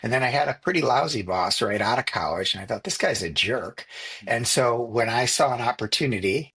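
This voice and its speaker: A middle-aged man co-hosting a podcast, telling stories in a relaxed, reflective way with frequent restarts. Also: medium pitch, a little fast, slightly rough. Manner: reflective storytelling with many restarts and fillers. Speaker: podcast co-host. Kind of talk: casual conversation.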